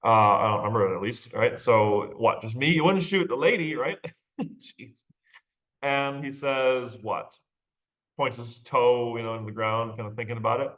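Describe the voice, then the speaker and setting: A man's voice: medium pitch, normal speed, a bit bright. A male literature teacher giving a casual recorded lecture, checking in with rhetorical questions and light laughs. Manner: conversational, checks in with "right?" and "okay?". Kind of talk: recorded lecture on a short story.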